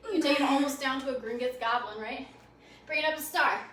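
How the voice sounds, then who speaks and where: Playful woman yoga teacher calling out poses, kinda breathy from moving, echoey room, mic far off w/ faint background noise. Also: high voice, fast talker, a bit bright. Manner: upbeat, encouraging, playful. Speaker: yoga instructor. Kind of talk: guided yoga class cues. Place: library program room.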